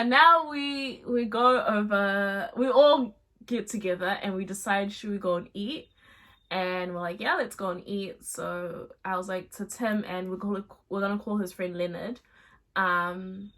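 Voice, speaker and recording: A young adult woman vlogger tells a storytime tale casually at a measured pace, her voice medium in pitch. She's chatty and animated, dropping slangy asides.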